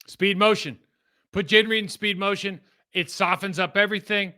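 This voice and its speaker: A man's voice: sits high, fairly even intonation, normal speed, sharp tone. A man casually breaking down football game film, talking in a rambling, conversational way that trails off and restarts.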